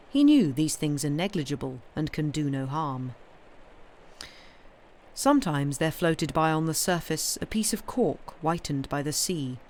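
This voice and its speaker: A woman's voice: low-pitched, slight background noise. Woman reading a novel aloud. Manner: steady, measured storytelling. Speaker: reader.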